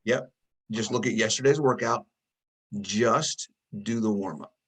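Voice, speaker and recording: A man, a coach hosting a video call interview, giving short directives and quick affirmations. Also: lowish voice, a bit bright, breathy edge, poor audio. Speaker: coach and host.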